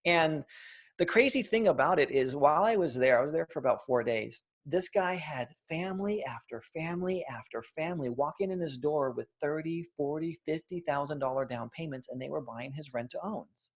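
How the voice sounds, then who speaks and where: Male guest, 30s, gravelly fry, animated storyteller acting out quotes. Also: a little high, moderate pace. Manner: animated storyteller, acts out quotes, frequent restarts. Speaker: interview guest. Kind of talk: casual storytelling interview.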